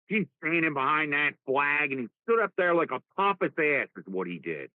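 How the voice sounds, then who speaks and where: A man's voice: medium pitch, moderate pace, no room sound. Fired-up New Jersey man on a tinny line. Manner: animated, rambling, repeats words. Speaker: talk show host. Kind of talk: casual political talk. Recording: dry tinny phone-like sound.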